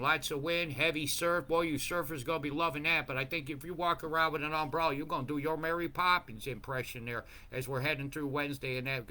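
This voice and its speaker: A man giving a rambling, profane commentary over weather maps, swinging between mumbled asides and loud rants. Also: mid-range voice, slight background noise. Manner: profane, ranting, jumps between mumbling and bursts.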